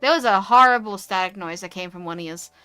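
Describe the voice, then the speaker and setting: A young woman with a posh English accent, chatting casually on a stream and ranting with animated energy. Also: mid-range voice, quick pace, smooth, dry recording, faint music behind. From United Kingdom. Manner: animated, ranty. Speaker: VTuber streamer. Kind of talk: casual chat.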